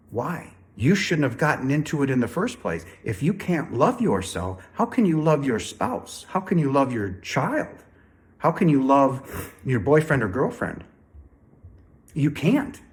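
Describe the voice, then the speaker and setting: Emphatic man preaching self-love to camera. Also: mid-range voice. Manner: emphatic, repetitive, addresses "ladies and gentlemen". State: a little sick. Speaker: spiritual speaker. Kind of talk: earnest direct-to-camera talk.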